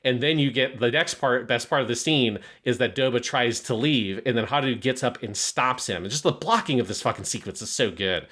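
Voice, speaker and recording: Male co-host, casual and profane film analysis, mid pitch. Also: a little fast, few pauses, fairly bright tone. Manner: profane, impassioned analysis with acted quotes. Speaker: podcast co-host. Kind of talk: casual film review discussion.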